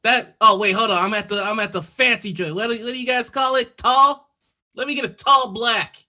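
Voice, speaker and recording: A swaggering, foul-mouthed customer who bullies and threatens everyone around him, played by a man. He speaks high and hard, with a piercing, tense bite. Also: fairly even intonation, brisk, pushed and bright. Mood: brash. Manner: swaggering, profane, bullying. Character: pushy tough-guy male coffee customer, menacing.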